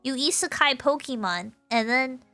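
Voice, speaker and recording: A woman's voice: high-pitched, lively intonation, normal speed, pushed and bright, soft background music. A tipsy woman streamer rambling through a casual explanation, giggly and loose, often correcting herself mid-sentence. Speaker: VTuber streamer.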